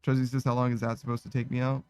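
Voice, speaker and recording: A man's voice: mid-range voice, completely flat delivery, fast talker, darkish tone, clean tone, no room sound. A tired man live-streaming, casually reading out viewer messages and ending nearly every sentence with "meow," laughing and swearing along the way. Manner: laid-back, tired, laughs and swears often.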